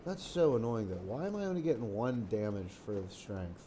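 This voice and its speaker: A man's voice: lowish voice, very animated, a little fast, mellow, a little hiss or hum. Rambling man narrating his gameplay. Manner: rambling, thinks aloud, breaks into exclamations and curses. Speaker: let's play host. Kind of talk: casual gameplay commentary.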